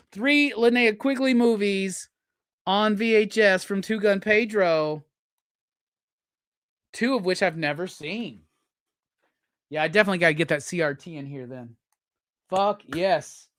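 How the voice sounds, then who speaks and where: A man hosting a live stream, unboxing gifts and gushing with loud, profane excitement. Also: sits high, normal speed, pauses often, no room sound, studio quality. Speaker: live show host.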